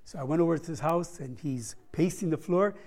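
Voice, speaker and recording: A man's voice: fairly high pitch, fairly quick, darkish tone. A man giving a conversational missions report to a church congregation, telling stories with humorous asides.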